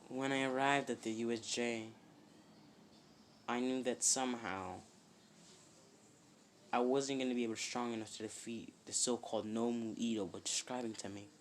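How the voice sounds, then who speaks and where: Aging hero mentor, man's put-on voice, low, quiet, grave. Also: fairly even intonation, normal speed, pauses often, a little hiss or hum, natural voice. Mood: confessional. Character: aging male hero mentor, solemn and weary.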